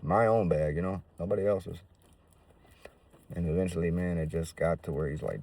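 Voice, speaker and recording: A man's voice: sits low, fairly even intonation, moderate pace, pauses often, darkish tone, far from the mic. A man telling his own life story in a casual, slangy, profane way.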